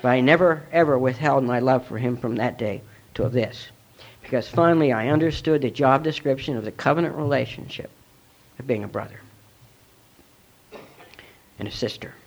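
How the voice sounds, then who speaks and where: A man's voice: mid-range voice, moderate pace, long pauses. A middle-aged man giving a personal testimony at a recovery meeting, earnest and reflective as he tells his story. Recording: dull lo-fi recording.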